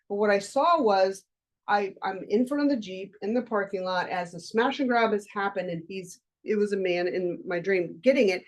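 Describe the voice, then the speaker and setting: A woman's voice: mid-range voice, a little mellow. Candid woman coaching a workshop. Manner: candid and conversational, with casual swearing. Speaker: life coach leading a workshop. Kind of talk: live workshop lecture with personal storytelling.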